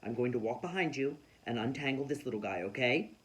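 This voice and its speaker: A man voicing a gentle adult male nature guide in a storybook reading, speaking softly and soothingly. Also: mid-range voice, lively intonation, natural voice. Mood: calm. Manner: soft, slow and soothing.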